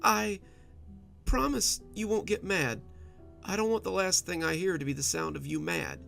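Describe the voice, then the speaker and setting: A man voicing a young wife who hides bad news behind a high, overly sweet voice that keeps breaking, in a read-aloud story. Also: moderate pace, creaky, a bit bright, soft background music, exaggerated voice. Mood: tearful.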